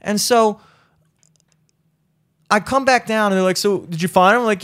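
A man's voice: moderate pace, pauses often. A man telling a long story in casual chat, swearing often and acting out what others said. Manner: animated, profane, acts out quotes in a high voice.

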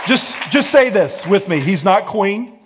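A high-pitched man preaching a sermon. He calls on the congregation to repeat his words back to him. He drops to a hush, then rises to shouting. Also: animated, measured pace, crowd noise, background noise. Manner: preaching with call-and-response, swinging from hushed to shouting; sings and hums snatches of a song. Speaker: pastor.

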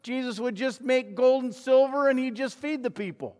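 A man preaching a sermon as a pastor in a church, telling the story dramatically, acting out what the crowd shouted and asking the listeners pointed rhetorical questions. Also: extremely high pitch, normal speed, big-room sound. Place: church sanctuary.

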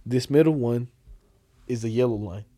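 A young man in casual chat, telling animated, slangy stories and acting out the other people in them. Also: medium pitch, moderate pace. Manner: animated storytelling, slangy, acts out others' lines.

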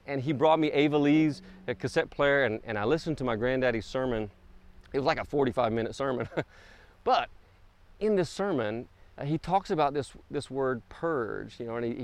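A middle-aged man preaching a sermon and telling a story, halting often and restarting his phrases. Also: medium pitch, creaky. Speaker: pastor.

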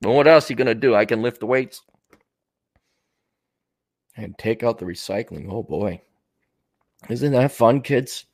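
A man's voice: mid-range voice, a little slow, pauses often, a little mellow. A man hosting his show, talking in a casual, digressive monologue, laughing often and swearing freely. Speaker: show host.

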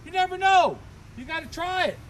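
A man's voice: very high-pitched, animated, brisk, fairly bright tone. A man giving urging pep-talk advice, recorded from a distance outdoors with traffic noise. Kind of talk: casual advice.

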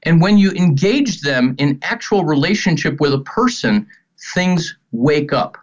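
A middle-aged man speaking earnestly about faith, telling stories with animated, acted-out quotes. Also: on the high side, unhurried. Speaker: ministry guest speaker. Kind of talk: earnest spoken teaching on faith. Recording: dull lo-fi sound.

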